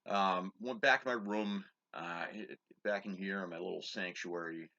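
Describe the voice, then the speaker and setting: In his own bedroom, a vlogger in his thirties rambles casually about his day, swearing a lot and often restarting sentences amid fillers. His deep voice has fairly even intonation, vocal fry and a sharp tone, on a lo-fi recording.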